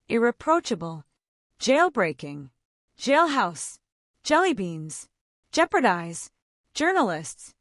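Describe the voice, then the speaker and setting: A woman reads single words aloud one after another, slowly and with care. Her voice sits a little high and moves up and down a lot from word to word. The sound is dry and close, with no room around it. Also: dry recording. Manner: slow, careful, word by word. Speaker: pronunciation reader. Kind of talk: reading a word list aloud.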